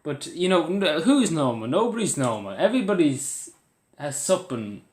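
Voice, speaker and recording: A man's voice: fairly high pitch, big pitch swings, moderate pace, darkish tone. Rambling Irish man in an echoey room. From Ireland. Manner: rambling, earnest, with many fillers and restarts. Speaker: vlogger. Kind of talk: casual talk to camera.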